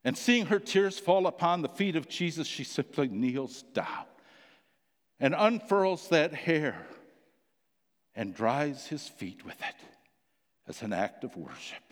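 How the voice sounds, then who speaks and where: A man preaching a sermon, telling the story with passion, his voice swelling loud and then sinking almost to a whisper. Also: a little high, very animated, slow pace, long pauses, big-room sound.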